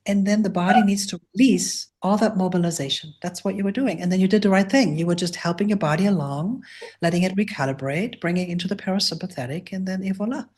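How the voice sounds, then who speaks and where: A woman teaching mindfulness on a live video call, speaking in a gentle, reassuring way. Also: on the low side, fast, breathy edge. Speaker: meditation teacher leading a live session.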